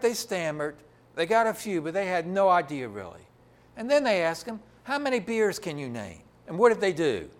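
Emphatic high-pitched male preacher. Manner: emphatic, asks rhetorical questions and answers them. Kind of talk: sermon.

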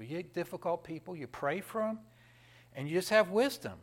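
Preaching in a lively, conversational manner, a high-pitched man speaks at a moderate pace and throws in remarks to the congregation.

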